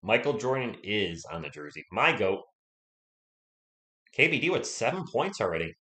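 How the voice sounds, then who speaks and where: A man's voice: on the low side, big pitch swings, normal speed, pushed and bright. A man with a sore throat and a cough, hosting a casual live play-by-play stream and chatting with viewers between plays.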